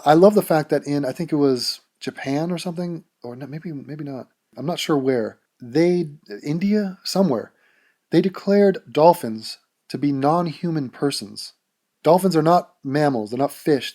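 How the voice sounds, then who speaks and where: Man, vlog q&a host, blunt and crude, fairly high voice, mellow tone. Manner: blunt, profane and joking. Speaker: YouTube channel host answering viewer questions. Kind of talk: casual Q&A vlog monologue.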